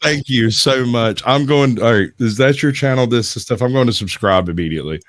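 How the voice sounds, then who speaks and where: A man's voice: mid-range voice, normal speed, no echo. A man in a casual group chat, playful and polite.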